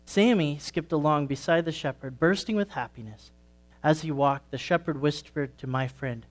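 A man, a pastor, reading a story to the children during a church service, in a gentle storytelling manner. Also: a little high, moderate pace, faint music behind.

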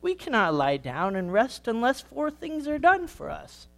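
A man voicing the oldest ewe of the flock, a kind and wise grandmother sheep, explaining things gently and patiently in a storybook. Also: extremely high pitch, huge pitch swings, a little slow, creaky, voice pushed up, full character voice. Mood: teaching.

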